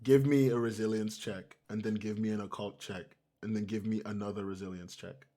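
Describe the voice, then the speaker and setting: A man's voice: lowish voice, steady tone, a little fast, dark tone. A man as game master narrating a tabletop game, amused and swearing casually.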